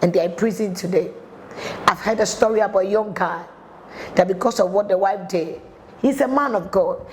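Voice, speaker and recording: A woman's voice: mid-range voice, normal speed, darkish tone, a little hiss or hum. A woman pastor with a Ghanaian accent preaching a sermon on letting go of pain, earnestly pleading and repeating her points. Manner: earnest, repetitive pleading exhortation. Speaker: pastor and marriage counsellor.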